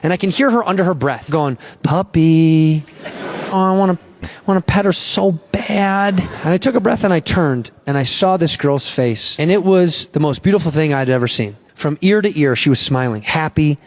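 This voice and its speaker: A man's voice: fairly high pitch, brisk, hardly any pauses. A man telling a long stand-up story on stage, acting out the voices of the people in it. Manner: animated, acts out voices in his story. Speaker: stand-up comedian.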